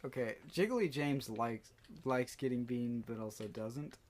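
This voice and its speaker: A teenage boy co-hosting a casual comedy podcast, playful and quick to laugh. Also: mid-range voice, darkish tone, slight background noise. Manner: giggly, playful. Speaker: podcast co-host. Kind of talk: casual chat.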